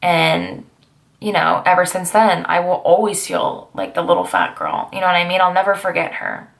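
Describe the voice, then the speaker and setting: A young woman in her twenties rambles through old memories in a confessional vlog. She talks casually, with a gravelly fry in her voice and sassy little asides. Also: fairly low pitch, expressive, normal speed, fairly bright tone. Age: 20s. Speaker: vlogger.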